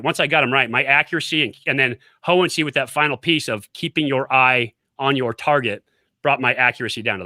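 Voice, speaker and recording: A man's voice: mid-range voice, sharp tone, no room sound, clean studio sound. A middle-aged man, a former quarterback and coach, speaking as a guest who makes emphatic points and tells stories. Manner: emphatic, repeats points, storytelling. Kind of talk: casual interview, coaching talk.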